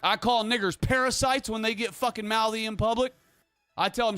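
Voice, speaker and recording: Man, livestream host, somewhat high voice, dry close sound, rambling, emphatic, casual chat. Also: steady tone, fairly quick, fairly bright tone, clean tone, dry recording, soft background music.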